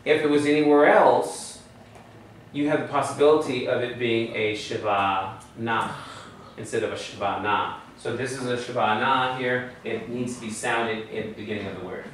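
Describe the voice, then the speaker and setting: A man's voice: medium pitch, steady tone, moderate pace. Man, teacher, patient classroom drilling, distant mic, strong room echo. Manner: patient, drills students with frequent "okay?" checks. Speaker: Hebrew teacher. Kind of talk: classroom lesson. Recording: echoey room from far off, faint hum.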